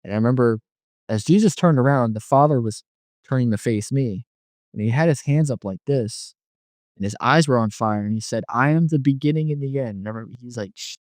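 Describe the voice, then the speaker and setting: A man's voice: medium pitch, brisk, a little mellow, no echo, clean studio sound. Man rambling through a personal story. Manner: rambling, many "like" fillers, quotes others. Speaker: guest telling his near-death story. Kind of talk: casual testimony.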